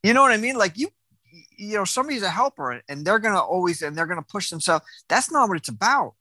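A man's voice: high-pitched, very animated, quick pace, pushed and bright, no room sound. A man hosting an interview who speaks earnestly and sympathetically, thinking aloud as he responds. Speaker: host. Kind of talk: conversational interview.

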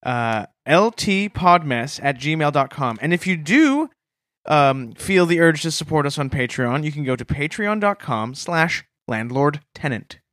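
Male comedy co-host, goofy and mock-earnest, lively pitch, dry close sound. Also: a little slow, dry recording. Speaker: podcast co-host. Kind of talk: improvised comedy banter.

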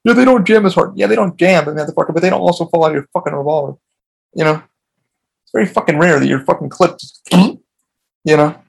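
A man's voice: fairly high pitch, fairly quick, vocal fry, husky. A man hosting his own podcast, telling a long story in a casual, rambling way with lots of swearing. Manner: profane, rambling, frequent restarts. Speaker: podcast host.

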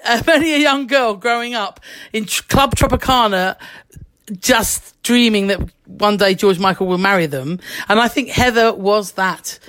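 A middle-aged woman telling a lively anecdote as a guest, laughing often and acting out the voices she quotes. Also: mid-range voice. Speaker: actress, guest. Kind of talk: anecdotal chat, storytelling.

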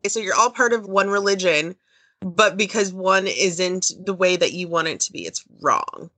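Low-voiced woman in dry close sound. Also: normal speed, pushed and bright, no room sound. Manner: searching for words, emphatic. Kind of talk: casual chat.

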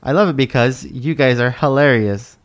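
A man's voice: mid-range voice, normal speed. A man co-hosting a podcast, reading listener mail in a laid-back, joking way. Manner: laid-back, jokey, reads letters aloud. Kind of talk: casual podcast chat.

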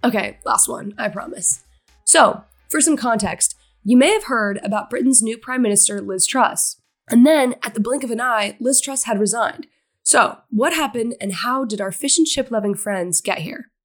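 A woman's voice: fairly high pitch, animated, moderate pace. A woman news correspondent narrating a scripted explainer in a breezy, chatty way, with faint music behind her.

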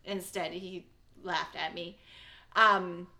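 A woman's voice: on the low side, steady tone, bright, forceful tone. A woman co-hosting a podcast in casual chat from a basement, playful and jokey. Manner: playful and chatty, quick to joke. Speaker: podcast co-host.

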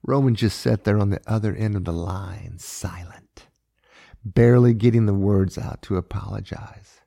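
Gravelly low-voiced male narrator. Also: moderate pace, mellow. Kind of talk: audiobook-style story narration.

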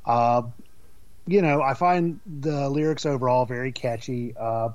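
A man's voice: mid-range voice, a little slow, darkish tone, no echo, muffled recording. A man co-hosting a casual podcast chat, rambling and swearing freely. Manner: profane, rambling, with fillers and restarts. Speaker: podcast co-host. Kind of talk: casual chat about an album.

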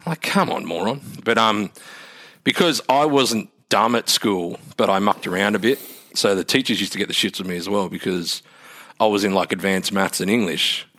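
Laid-back Australian man, low voice. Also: moderate pace. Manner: laid-back, swears freely, animated pitch jumps. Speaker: guest. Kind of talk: casual interview chat.

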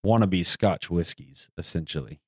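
A man's voice: deep voice, normal speed, no echo, studio quality. Blunt, joking male podcast co-host. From American South. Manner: blunt, joking, profane banter. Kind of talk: casual chat.

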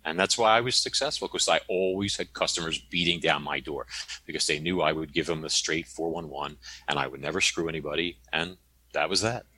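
A man telling stories as an interview guest, animated and tagging his points with "okay?". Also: extremely low pitch, brisk, dry recording. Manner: animated, tags statements with "okay?". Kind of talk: conversational storytelling.

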